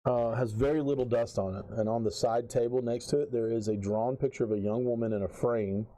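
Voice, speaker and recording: A man running a tabletop horror game as game master, describing scenes slowly with frequent pauses and reading old verses aloud. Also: on the low side, warm tone, poor audio. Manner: slow, measured descriptions with frequent ums.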